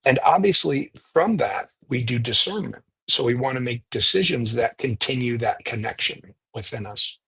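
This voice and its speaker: A priest leading a retreat, explaining prayer in a conversational, animated storytelling way and often checking in with "right?". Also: male voice, medium pitch, normal speed, gravelly, hardly any pauses, slightly rough, no echo, rough recording. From United States. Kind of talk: conversational teaching.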